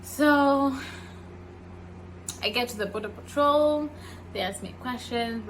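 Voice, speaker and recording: Unhurried bright-voiced young woman storyteller. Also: fairly high pitch, a little hiss or hum, low-quality recording. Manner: animated, acts out quoted people. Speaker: vlogger. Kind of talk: casual storytelling while cooking. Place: home kitchen.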